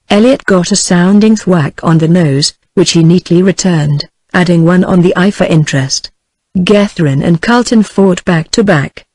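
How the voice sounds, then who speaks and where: A text-to-speech woman's voice with a British English accent, reading a novel aloud as an audiobook narrator in an even, measured way. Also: lowish voice, no room sound, low-quality recording. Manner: even, evenly paced synthetic reading.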